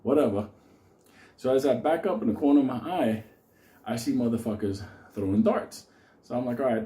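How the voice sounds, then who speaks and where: Middle aged guy cussing nonstop telling a crazy story, dark mellow voice, echoey room. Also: mid-range voice. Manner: rambling, heavy swearing, laughs through the telling. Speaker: storyteller host. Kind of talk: profane comedic storytelling.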